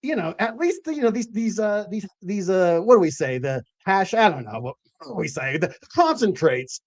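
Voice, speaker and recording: A man's voice: high voice, big pitch swings, normal speed, dry recording. A man hosting a late-night cannabis show, telling stories in a loose, rambling way with lots of fillers and the odd swear word. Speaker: host of a cannabis growing show.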